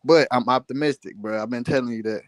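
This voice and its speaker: A man chatting casually about boxing, loose and slangy, saying "bro" a lot. His voice is mid-pitched and sounds dry and close. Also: fast talker, dry recording. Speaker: boxing podcast co-host.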